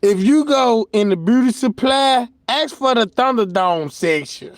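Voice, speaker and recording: A man's voice: very high voice, expressive, slow, pauses often, no echo. A man giving joking, mocking commentary in slangy talk, breaking into laughter and slipping into mock voices for his punchlines. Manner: slips into mock voices for jokes. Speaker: commentary streamer.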